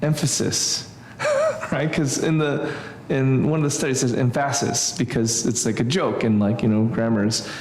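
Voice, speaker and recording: A man leads an informal Greek lesson at a church and thinks out loud, circling back with fillers and restarts. His voice sits in the middle of the range, with some room echo. A faint ambient hum runs behind him. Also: mid-range voice, big pitch swings, normal speed. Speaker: Greek class teacher. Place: church classroom.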